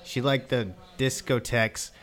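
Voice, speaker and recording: A man's voice: medium pitch, steady tone, measured pace, very noisy. Casting: male podcast co-host, mid-range voice, reads while cracking up. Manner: reads with frequent laughter. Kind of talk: casual comedic reading aloud.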